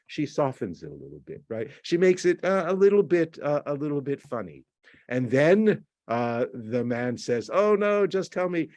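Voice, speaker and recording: A man's voice: medium pitch, a little mellow, no room sound. Man lecturing in a dry, close room. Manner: explanatory, repeats words, acts out quoted texts. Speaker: university lecturer. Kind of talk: recorded lecture.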